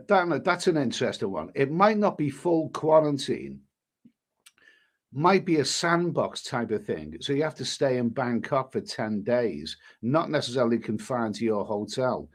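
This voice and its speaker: A man's voice: medium pitch, sing-song, normal speed. A man hosts a travel live stream and reads viewer comments aloud. He rambles and repeats himself, with mild swearing and an exasperated edge. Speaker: travel vlogger reading live chat.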